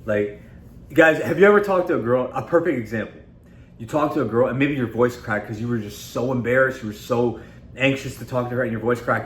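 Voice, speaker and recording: A man's voice: medium pitch, brisk. A man hosting a casual motivational talk, speaking conversationally and emphatically and often calling his viewers "guys". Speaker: self-improvement video host. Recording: echoey room with faint background noise.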